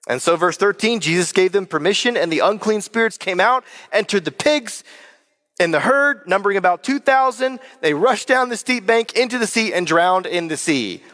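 A man's voice: high voice, a bit bright. Earnest preacher man in a reverberant hall. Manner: earnest, direct address to listeners. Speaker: pastor. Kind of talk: sermon.

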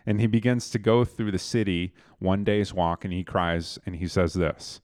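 A man leading a casual Bible discussion, retelling the story in animated, plain speech. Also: low voice, normal speed, no echo.

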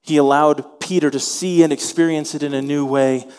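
Animated man preaching in a reverberant hall. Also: on the high side, normal speed, smooth. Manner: animated, acts out voices in quotes. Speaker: pastor. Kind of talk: sermon.

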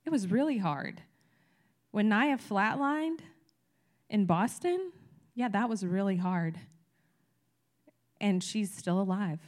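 A woman's voice: medium pitch, slow. Woman preacher, casual and candid delivery, builds to emphatic peaks, talks straight to the congregation. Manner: candid, chatty, emphatic with rising energy. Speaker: church teacher. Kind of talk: conversational sermon.

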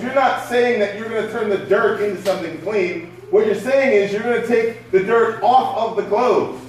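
A man preaching a sermon to his congregation in a conversational way, often asking rhetorical questions. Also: sits high. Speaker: pastor. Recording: echoey hall from far off.

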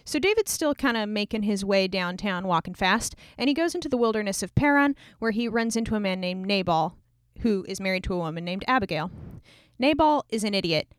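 A woman's voice: mid-range voice, animated, a little fast, clear, resonant tone, no room sound, studio quality. A woman retelling a scripture story in a casual, irreverent, slangy way.

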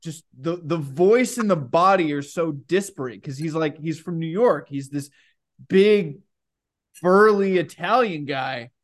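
A young man co-hosting a podcast in casual chat, loose and profane and quick to laugh. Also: fairly high pitch. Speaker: podcast co-host.

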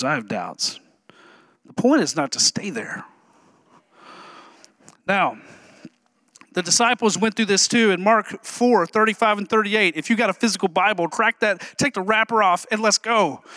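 A pastor preaches with a notably high, ringing voice that stays bright and pointed. He keeps his sermon loose and funny, throwing in quick jokes to the congregation. The sound is dry and close, with almost no room around it. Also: no room sound. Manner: humorous, animated preaching with asides to the congregation.

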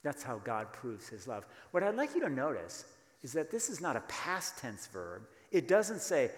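Male pastor, animated sermon delivery, roomy church sound. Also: mid-range voice, moderate pace. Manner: emphatic, rhetorical questions, asks the congregation to answer.

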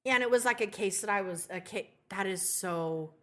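Female podcast host, bright tone, animated storyteller, curses freely. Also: mid-range voice, normal speed, a little hiss or hum. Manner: animated storyteller, swears freely, acts out quotes. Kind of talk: casual chat.

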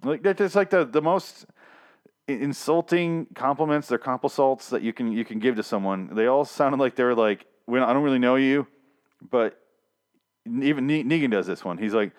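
A man's voice: medium pitch, moderate pace. A man giving a casual, rambling recap of a comic, sarcastic and foul-mouthed, often restarting his sentences. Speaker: comic book recap vlogger.

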